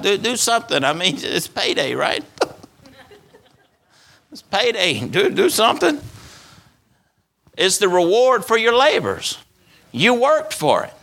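A middle-aged man preaching a sermon as pastor, folksy and emphatic, often repeating words as he builds to louder peaks. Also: fairly high pitch, gravelly.

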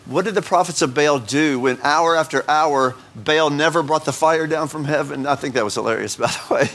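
A pastor preaching an informal sermon in a conversational, joking way, often asking the congregation questions. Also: male voice, on the high side, normal speed, a bit bright.

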